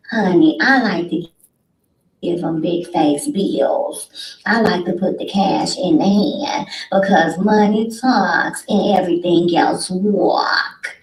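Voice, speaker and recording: Sassy woman telling a story, roomy sound. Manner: sassy, dramatic, addresses listeners as honey and sweet babies; acts out both sides of a dialogue with big pitch swings. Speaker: podcast host. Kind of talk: animated storytelling. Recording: roomy echo.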